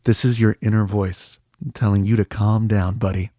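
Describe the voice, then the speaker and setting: A man playing a needy inner voice: soft, pleading, a bit lower than his own talk, dry. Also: level tone, normal speed, no echo, lightly acted. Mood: soothing. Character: man's clingy needy male inner voice.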